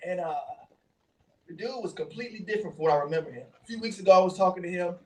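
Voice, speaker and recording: A man co-hosting a casual talk show, telling animated stories and laughing often. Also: high voice, rapid-fire, distant mic, rough recording. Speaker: co-host. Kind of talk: casual chat.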